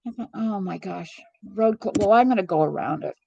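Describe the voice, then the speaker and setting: A woman's voice: medium pitch, animated, brisk, vocal fry, dark tone, muffled recording, slight background noise. A middle-aged woman hosting a live stream vlog, talking in a rambling, earnest and heartfelt way. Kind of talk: casual confiding monologue.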